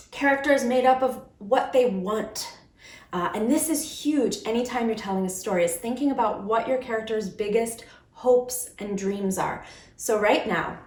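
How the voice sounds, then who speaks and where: Lady teaching kids puppet voices, lively up-and-down voice, slow and echoey. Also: fairly high pitch. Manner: playful, demonstrates voices as she explains. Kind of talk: instructional video for kids.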